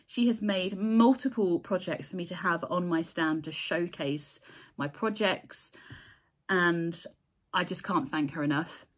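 A woman in casual chat to camera, talking about her crochet work in a heartfelt, chatty way, with restarts and soft laughs; she says she is tired. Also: fairly low pitch, a little slow. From England. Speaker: crochet designer and vlogger.

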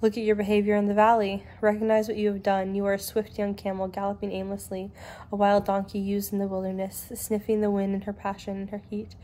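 A young woman reads scripture aloud at a steady, measured pace. Her voice is warm and mellow, and her pitch barely moves from line to line. She keeps an even, unhurried delivery throughout. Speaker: Bible reader. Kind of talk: scripture reading.

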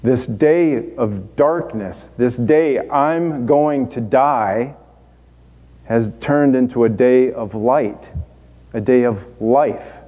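An actor playing a dying, repentant male thief in a dramatic monologue, speaking in halting, broken phrases. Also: mid-range voice, dark tone, natural voice. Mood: awed hopeful. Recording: long hall reverb.

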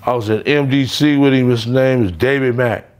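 A male interview guest with a medium-pitched, slightly mellow voice talks at normal speed. In this casual interview he tells blunt, profane street stories, acting out the voices of those he quotes.

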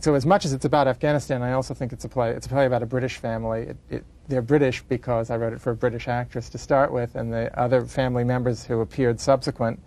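A man, a playwright, speaking in an interview in a reflective, halting way, in long winding sentences. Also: medium pitch, dark tone. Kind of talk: interview conversation.

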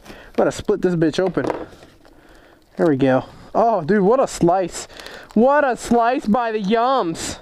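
A young man with a fairly high voice talks loosely and excitedly to his viewers. He swears freely, jokes around, and reacts loudly as he goes through his fan mail. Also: a little slow, long pauses. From United States. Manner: excitable, swears a lot, jokey. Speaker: motorcycle vlogger opening fan mail. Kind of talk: casual vlog chat.

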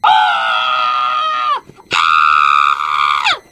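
A woman's voice: extremely high pitch, measured pace. A young woman voicing a toy pet who plays a young husband obsessed with toothpaste, whiny and dramatic, in a toy role-play video. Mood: screaming. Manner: whiny, dramatic, prone to screaming outbursts. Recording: music playing underneath.

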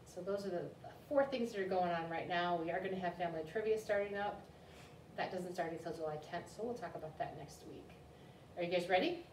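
A woman's voice: on the low side, fairly quick, slight background noise. A woman children's librarian hosting a story time in an upbeat, chatty way, recorded in a library room. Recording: roomy room, distant mic, faint ambience.

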